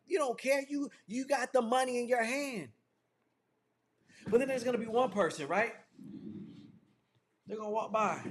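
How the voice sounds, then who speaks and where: A man leading a motivational sales training over a video call, talking in fervent, repetitive build-ups like a preacher. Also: very high-pitched. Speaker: business trainer.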